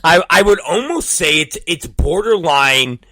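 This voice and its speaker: A man in his forties hosts his show with a crude, repetitive monologue, now and then breaking into loud shouted exclamations. His voice is bright and on the high side, lively in pitch but unhurried. The sound is dry and close, with no room around it. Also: no echo. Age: 40s. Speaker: podcast host.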